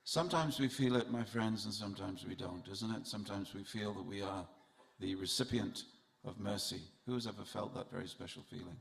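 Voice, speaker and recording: A man with a lowish voice and some vocal fry delivers a festival sermon in a temple hall, talking a little fast with few pauses. He tells funny stories and speaks directly to his audience.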